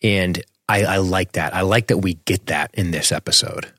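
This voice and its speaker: A podcast co-host with a low voice and moderate pace chats casually while recapping a TV episode. He's relaxed, laughs often, and reads questions from the chat. The sound is clean studio audio with no echo.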